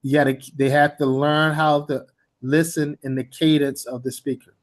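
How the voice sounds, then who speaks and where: A man's voice: fairly high pitch, level tone, moderate pace. A man teaching language-teaching methods in a blunt, emphatic lecture style, repeating his key points for stress. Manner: blunt and informal. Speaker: TESOL instructor.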